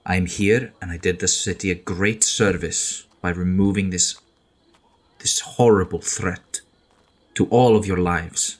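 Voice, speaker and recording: Man voicing a proud witcher in a tabletop game, low and insistent. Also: fairly even intonation, measured pace. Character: proud male witcher monster hunter.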